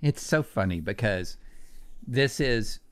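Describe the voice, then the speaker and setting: A man's voice: mid-range voice, lively intonation, slow pace, a bit bright, smooth. Earnest, emphatic man as a podcast guest. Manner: earnest, emphatic, answers with conviction. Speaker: guest commentator. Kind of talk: podcast conversation.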